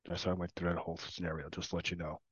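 Low-voiced man giving earnest testimony. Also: level tone, slightly rough, no echo. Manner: earnest, reflective, speaks in short halting phrases. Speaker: program participant sharing his story. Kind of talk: personal recovery testimony. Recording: dull, dry recording.

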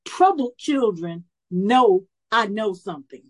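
A woman of about seventy telling a personal story at a recovery meeting, lively and animated, acting out the voices she quotes. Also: mid-range voice, takes it slowly, poor audio. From Chicago area. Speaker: speaker sharing her story at a recovery meeting.

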